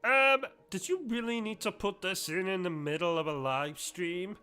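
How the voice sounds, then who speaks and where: A man's voice: sits high, moderate pace, bright, forceful tone, clear, resonant tone, faint music behind. A man as the host's sidekick, speaking in a meek, hesitant way.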